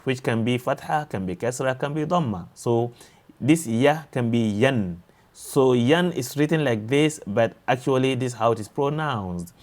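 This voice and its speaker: A man teaching a recorded lesson, explaining slowly and patiently, repeating each sound and drilling examples. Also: medium pitch. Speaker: Quran tajwid teacher.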